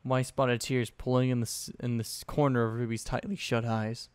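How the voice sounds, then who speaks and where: A man's voice: medium pitch, level tone, normal speed, a little mellow, clear, resonant tone, no room sound. A young man narrating fanfiction aloud in a casual way, with offhand asides and swearing.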